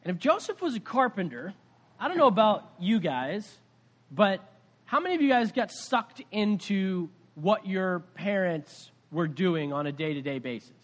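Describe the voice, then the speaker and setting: Guy preaching like he's just chatting, gets loud then really quiet, pretty high voice. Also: sing-song, moderate pace. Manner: conversational storytelling, swings between loud and soft. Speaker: pastor. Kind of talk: sermon.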